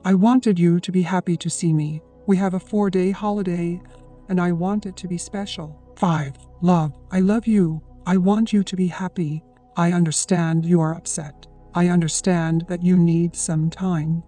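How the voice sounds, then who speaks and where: Measured audiobook narrator, mellow and warm, over a quiet music bed. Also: medium pitch, steady tone. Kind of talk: scripted narration.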